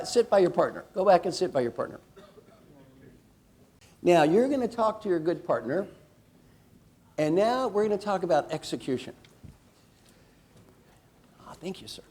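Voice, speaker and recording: A man with a fairly high but mellow voice coaches a room full of people in a lively workshop. He is animated and playful, swinging from low, confiding remarks to loud calls that rally the crowd. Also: moderate pace, pauses often, a little hiss or hum. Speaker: executive coach leading a workshop. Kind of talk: lively workshop talk to a live audience.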